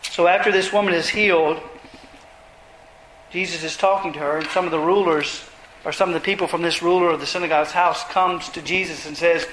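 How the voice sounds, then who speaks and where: Male preacher, sermon, earnest, emphatic, bright tense tone, echoing room. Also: fairly high pitch, fairly even intonation, fairly quick, a little hiss or hum. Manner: earnest, builds emphasis while retelling scripture. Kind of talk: expository sermon. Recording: roomy echo.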